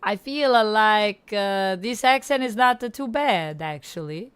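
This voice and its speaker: Woman doing a put-on Italian accent, hammy, exclamatory, cartoonish, mid-pitched, gaming stream banter. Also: expressive, a little slow, a bit bright, clear, resonant tone, no room sound. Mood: playful. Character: exaggerated cartoonish Italian woman, dramatic and excitable.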